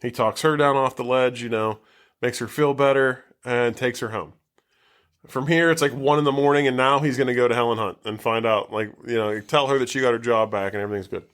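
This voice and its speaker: A man's voice: mid-range voice, fairly even intonation, a little fast, fairly bright tone, clean tone. A man co-hosting a podcast, casually recapping a movie plot in a rambling way, swearing freely and saying "like" constantly. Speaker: podcast co-host.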